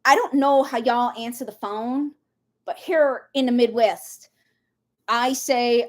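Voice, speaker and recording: A woman from Minnesota, reading tarot in a casual livestream and rambling off on lively side tangents. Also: a little high, a little slow. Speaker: tarot reader.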